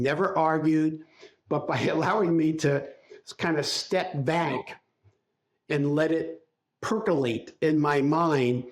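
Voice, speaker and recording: An older man as a podcast guest, recalling his life in a reflective, halting storytelling way. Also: fairly high pitch, steady tone. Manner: reflective, speaks in halting restarts while recalling. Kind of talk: casual interview storytelling.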